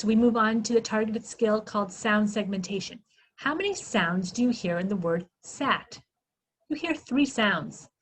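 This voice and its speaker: A woman giving a literacy workshop, sounding out phonemes slowly and asking questions she answers herself. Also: mid-range voice, slightly rough, poor audio. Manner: slow, exaggerated sounding-out of phonemes; asks questions then answers them herself. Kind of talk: instructional presentation.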